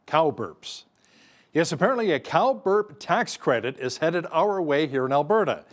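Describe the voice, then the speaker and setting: A man's voice: on the high side, sing-song, normal speed. A man hosting a news interview in a wry, conversational way. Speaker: news anchor.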